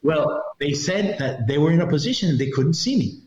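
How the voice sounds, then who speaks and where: A retired agent, a man, tells his story with animated energy. He keeps bursting into high put-on voices for the people he met. The sound is roomy and a little dull. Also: fairly quick, over a noisy crowd. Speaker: retired federal agent, guest. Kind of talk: animated storytelling in a podcast interview.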